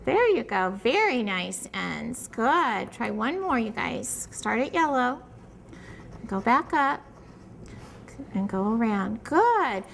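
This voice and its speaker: A woman's voice: fairly high pitch, very animated, slow, gravelly, slight background noise. A woman teacher patiently guiding young children through a handwriting and letter-sound lesson at a small classroom table, praising them often.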